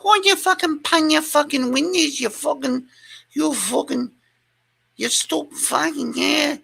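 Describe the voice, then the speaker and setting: A man putting on the voice of a furious woman who shouts garbled, slurred swearing. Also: very high voice, measured pace, gravelly, pitched above the performer's own voice, heavily acted. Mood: ranting, shrill. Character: shrieking furious woman spitting garbled curses.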